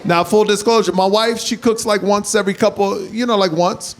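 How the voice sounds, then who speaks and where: A man doing stand-up comedy who tells animated stories and builds up to shouts. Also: sits high, a little fast. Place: comedy club stage. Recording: live club set with crowd laughter. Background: audience laughter and room hiss.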